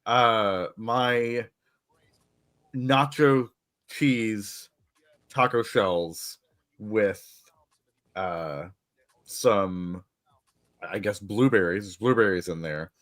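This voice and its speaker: Slow-talking guy on a podcast, kinda low voice, rambly deadpan bits. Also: no echo, clean studio sound. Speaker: podcast co-host. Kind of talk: casual chat.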